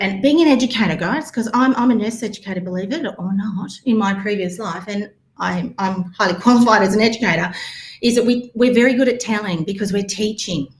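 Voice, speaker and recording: A woman's voice: on the high side, a little mellow, reverberant. A woman presenting a live marketing workshop, talking energetically and calling her audience guys. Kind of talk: live online workshop talk.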